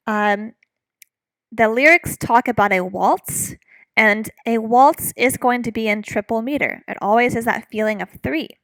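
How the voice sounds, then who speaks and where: Woman music instructor, slow unhurried delivery, fairly high voice, dry close sound, patient explaining. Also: fairly bright tone, no echo, low-quality recording. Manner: patient, explanatory, with frequent fillers. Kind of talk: recorded online lecture.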